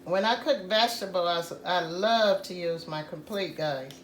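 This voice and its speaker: A woman hosting a casual home cooking tutorial, talking slowly and repeating "guys" to her viewers. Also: lowish voice, echoey room, a little hiss or hum. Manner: slow, repetitive, says "guys" often. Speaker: cooking channel host.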